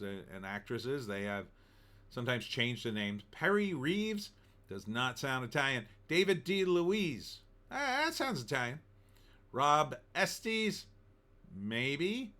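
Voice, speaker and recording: A man's voice: mid-range voice, pushed and bright. A man hosting his own show, giving a chatty, wry and opinionated reaction to a movie trailer. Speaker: screenwriter and online show host.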